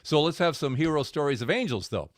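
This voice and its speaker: A man hosting a faith podcast, retelling stories and explaining scripture in a relaxed, explanatory way. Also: on the high side, fairly quick, dry recording, studio quality. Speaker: podcast host. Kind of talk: faith podcast storytelling and commentary.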